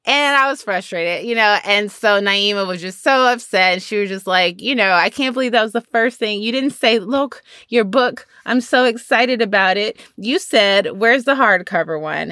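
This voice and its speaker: Bright-voiced woman telling a story. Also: fairly low pitch, no echo, clean studio sound. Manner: animated storytelling, acts out quotes. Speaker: podcast co-host. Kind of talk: casual chat.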